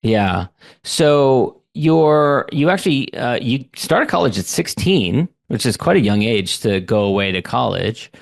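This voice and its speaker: A man's voice: mid-range voice, lively intonation, measured pace, vocal fry, no room sound, studio quality. A man hosting a business interview podcast, talking in an enthusiastic, conversational way. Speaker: podcast host.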